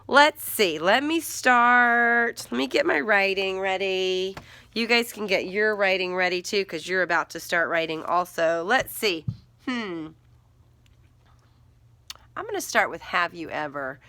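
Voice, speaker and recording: A young woman teaching young children writes aloud, pausing to think and sounding out each word. Her voice is bright and swings widely in pitch, and the recording is close and dry. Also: dry recording. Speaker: first grade teacher. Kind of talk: modeling writing aloud for young students.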